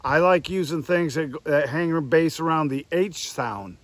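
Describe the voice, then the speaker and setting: A man teaching goose calling outdoors by the woods, talking through each step and sounding out drawn, breathy calls. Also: on the high side, measured pace, dry recording. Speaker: goose call instructor. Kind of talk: hands-on tutorial.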